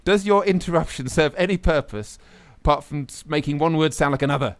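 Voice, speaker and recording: A man's voice: fairly high pitch, a little fast, dry recording. A man hosting a scripted comedy radio show, flustered and hesitant with many fillers, sometimes mock-solemn.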